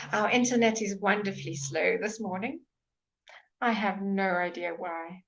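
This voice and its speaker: A woman's voice: medium pitch, a little slow, creaky, a bit bright. A woman teaching English pronunciation in a live online lesson, patiently repeating each word many times.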